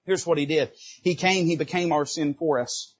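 A man with a high, husky voice preaches a sermon from the pulpit, swinging from loud emphatic bursts to quiet asides and tossing quips to the congregation. The church recording sounds dull and lo-fi. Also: steady tone, normal speed. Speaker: Baptist preacher.

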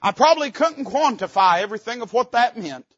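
A man preaching a sermon from the pulpit, folksy and fervent, swinging between loud rises and quiet dips. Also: extremely high pitch, animated, brisk, no room sound, muffled recording. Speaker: pastor. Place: church sanctuary.

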